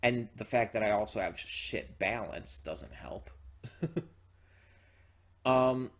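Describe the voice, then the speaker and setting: A man's voice: on the low side, slow pace. A man hosting his own channel, talking casually and enthusiastically with lots of fillers, restarts and swearing. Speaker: reaction channel host. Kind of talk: casual solo commentary.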